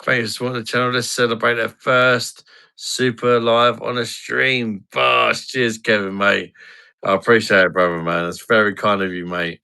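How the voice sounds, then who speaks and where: A man's voice: on the low side, little pitch movement, moderate pace, creaky, sharp tone, smooth. A man hosting a casual live stream, reading viewer comments aloud with blunt, crude banter. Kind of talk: casual pub-style live stream chat.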